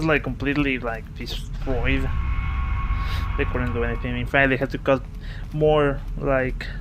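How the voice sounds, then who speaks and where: A man giving casual let's-play commentary, telling a story in a halting, rambling way with many restarts. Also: mid-range voice. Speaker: gaming video host. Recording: steady game noise behind voice. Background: video game sounds.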